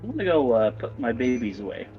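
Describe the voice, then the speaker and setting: A man's voice: mid-range voice, very animated, fast talker, highs cut off, soft background music. A man chatting at a game table, hesitant and playful, giggling between thoughts. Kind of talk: casual table chat.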